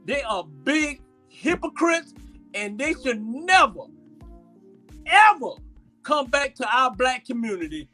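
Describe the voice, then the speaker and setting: A man's voice: extremely high pitch, sing-song, sharp tone, soft background music. Fiery man preaching outrage. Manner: fiery, preacherly, drawn-out emphasis. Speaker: panelist. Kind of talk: impassioned political talk.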